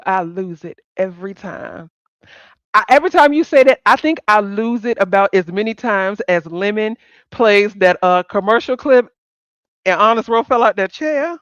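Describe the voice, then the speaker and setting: Lively blunt woman hosting a stream. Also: mid-range voice, moderate pace, no room sound, dull audio. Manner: animated, blunt and profane, laughs often. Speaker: livestream host. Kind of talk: casual commentary to a live audience.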